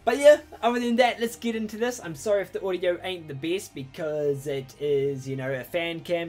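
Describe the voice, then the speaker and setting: A young man hosting a reaction video, talking casually and breaking into hyped exclamations. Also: on the high side. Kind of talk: excited reaction commentary.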